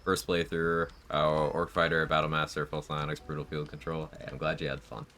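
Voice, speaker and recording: A man's voice: very deep voice, flat delivery, fairly quick, pushed and bright, slight background noise. A man streaming a game live, chatting casually in a sleepy, laid-back way, laughing often and swearing now and then. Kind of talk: casual live-stream chat over gameplay.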